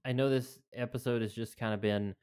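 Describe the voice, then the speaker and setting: A man's voice: medium pitch, steady tone, a little fast, darkish tone, smooth. A man co-hosting a podcast, laid-back and hesitant, with many fillers and restarts. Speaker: podcast co-host. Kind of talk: casual comedic chat.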